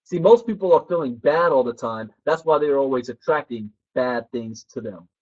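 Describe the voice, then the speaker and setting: Animated motivational speaker, lo-fi sound. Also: male voice, mid-range voice, moderate pace, slightly rough. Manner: animated storyteller who acts out quoted people. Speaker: personal development trainer. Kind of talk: motivational training talk.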